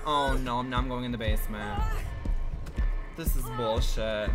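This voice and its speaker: A man livestreaming a game in campy, slangy commentary that swings between loud outbursts and low mutters. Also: expressive, unhurried, long pauses. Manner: campy and dramatic, full of slang. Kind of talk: live gameplay commentary. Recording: loud game music under the voice.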